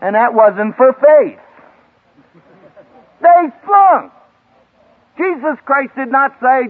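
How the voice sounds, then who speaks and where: A man preaching a sermon to a graduating class as a seminary professor, emphatic and dramatic, with big swings in pitch and loudness. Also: lively intonation, drawn-out words, pauses often. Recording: tinny lo-fi archival radio broadcast.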